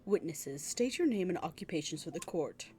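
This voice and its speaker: A woman's voice: fairly low pitch, sing-song, moderate pace, warm tone, slightly rough, voice pushed down, heavily acted. A woman voicing a stern, pompous elderly male judge with a formal manner.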